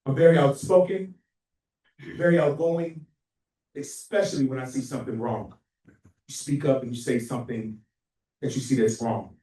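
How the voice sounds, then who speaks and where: A man giving a memorial tribute for a friend, telling lively stories and acting out their phone calls with laughter. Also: medium pitch, moderate pace, long pauses, far from the mic. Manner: animated, acts out phone calls, laughs often. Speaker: memorial speaker, friend and co-author. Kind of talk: storytelling tribute speech. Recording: echoey hall heard from afar.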